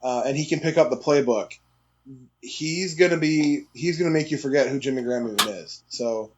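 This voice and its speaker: A man's voice: medium pitch, moderate pace, lo-fi sound, background noise. A man co-hosting a sports podcast who talks earnestly with plenty of hesitant fillers. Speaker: podcast co-host. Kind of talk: casual chat.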